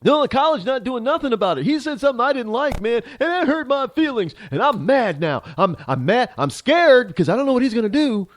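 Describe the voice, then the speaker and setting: A man's voice: very high-pitched, big pitch swings, a little fast, few pauses, no echo, voice pushed up. A man putting on the voice of a whiny, frightened and angry young male college student, in a mocking, stammering tone.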